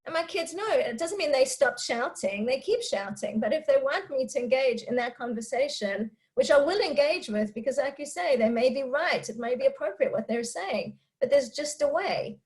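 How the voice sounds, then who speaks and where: Woman with a higher voice, candid and chatty, fielding parenting questions live. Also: animated, moderate pace, few pauses, a little mellow, low-quality recording. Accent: non-Israeli English speaker living in Israel. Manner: candid, chatty, laughs often. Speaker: parenting speaker answering questions. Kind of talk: live talk with audience questions.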